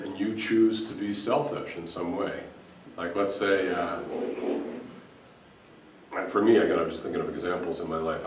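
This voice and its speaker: Speaking to a gathering in a hall, a man in the role of Sufi teacher tells stories earnestly, restarting often. The low voice carries slight hiss or hum, captured from a distance in an echoey room.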